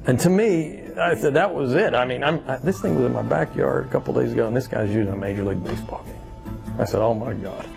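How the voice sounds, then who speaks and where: Man, from Louisiana, baseball bat maker, gravelly voice, animated storytelling, music underneath. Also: medium pitch, quick pace. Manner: animated storyteller acting out other people's lines. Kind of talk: storytelling interview.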